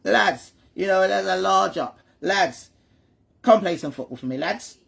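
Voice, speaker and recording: A man voicing a Victorian-era club founder who calls lads over to play football, in a hearty, drawn-out way. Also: sits high, expressive, vocal fry, fairly bright tone, breathy edge, pitched above the performer's own voice, heavily acted. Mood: coaxing.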